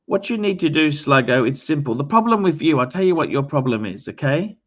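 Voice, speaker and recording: A man hosting a casual livestream talks in a blunt, bossy way and swears freely. His voice sits a little high. The recording sounds dull and muffled. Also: sing-song, a little fast, fairly bright tone. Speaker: livestream host.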